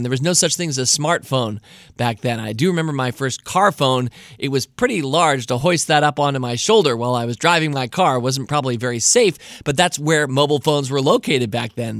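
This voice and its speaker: Middle-aged american guy reading listener mail on his podcast, voice sits a bit high, dead dry close mic. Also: a bit bright, no echo. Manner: chatty, stops to comment on the letter he is reading. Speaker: podcast host.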